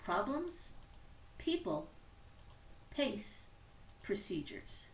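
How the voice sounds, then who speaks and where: A woman's voice: medium pitch, big pitch swings, drawn-out words, vocal fry. Upbeat woman teaching in an echoey room. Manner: upbeat, conversational teaching with occasional restarts. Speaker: business trainer. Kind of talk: recorded tutorial presentation. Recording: roomy echo, distant mic, faint background noise.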